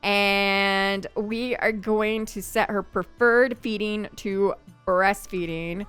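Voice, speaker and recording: A woman's voice: mid-range voice, fairly even intonation, slow, a bit bright, clean tone, soft background music. A woman giving casual let's-play commentary, chatting to the game characters as she plays. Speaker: gameplay commentator.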